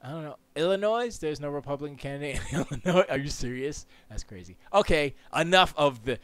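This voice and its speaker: A man hosting a casual solo podcast, talking in an animated, rambling, jokey way full of quick asides. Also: mid-range voice, smooth, dry recording. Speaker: podcast host. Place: Florida. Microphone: close studio mic.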